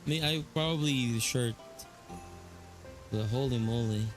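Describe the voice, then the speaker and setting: A man's voice: mid-range voice, a little slow, soft background music. A man with a Filipino accent chatting casually on a live stream, rambling with lots of fillers and restarts.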